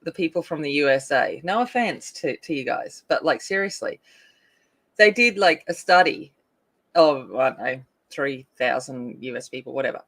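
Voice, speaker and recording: This woman's low voice is expressive and a bit bright, moving at normal speed. She's a middle-aged colouring channel host from North Queensland with an Australian accent who giggles and rambles, full of fillers, as she chats and colours.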